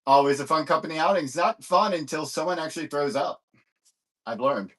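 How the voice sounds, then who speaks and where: A live-stream comic seller talks in a fairly quick, slightly bright voice on the high side, rambling casually and filling space with fillers as he searches for stock during the sale.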